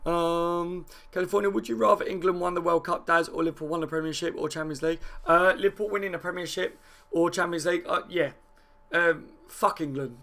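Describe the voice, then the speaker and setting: Fast-talking gravelly male fan host. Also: on the high side. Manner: fast, animated chatter, laughs often. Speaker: football fan channel host. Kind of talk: live fan chat reacting to viewer comments.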